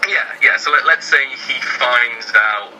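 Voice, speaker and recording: A man's voice: mid-range voice, measured pace, sharp tone, slight background noise, poor audio. A man talking as a guest writer in casual chat, hesitant and filling his speech with ums and "sort of".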